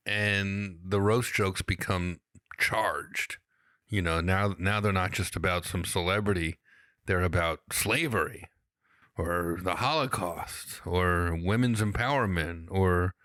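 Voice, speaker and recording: A middle-aged man speaks as a guest on a podcast, laying out his points in a steady, explanatory way. His voice sits very low. The recording is dry, close and free of room echo. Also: clear, resonant tone. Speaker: comedian guest. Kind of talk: casual interview chat.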